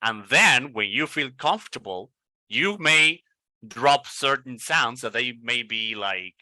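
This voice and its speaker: A man coaching English pronunciation, speaking slowly and deliberately and repeating words for practice. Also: medium pitch, expressive, sharp tone, no echo, low-quality recording. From Indonesia. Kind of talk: pronunciation lesson.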